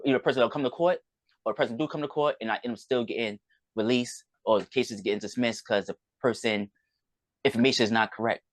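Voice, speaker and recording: Fast-talking man telling his story. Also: mid-range voice, no echo. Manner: rambling, recounts events with quoted dialogue. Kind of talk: personal storytelling in conversation.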